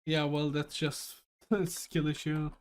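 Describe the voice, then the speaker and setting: A man's voice: fairly high pitch, level tone, takes it slowly. A young man from Germany co-hosting a casual podcast over a voice call, rambling and joking. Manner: rambling, joking, bursts into shouting. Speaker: podcast co-host. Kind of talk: casual chat. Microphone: online voice call.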